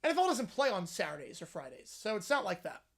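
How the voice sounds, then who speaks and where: A young man streaming live play-by-play and reaction, yelling at the game on screen and chatting with viewers in between. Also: sits high, quick pace, creaky. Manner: excitable, yells at the screen, then chats with viewers.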